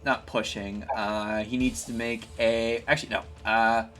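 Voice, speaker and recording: A man's voice: lowish voice, level tone, unhurried, fairly bright tone, soft background music. A man playing a tabletop game, hesitant and full of fillers while working out his turn. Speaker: player.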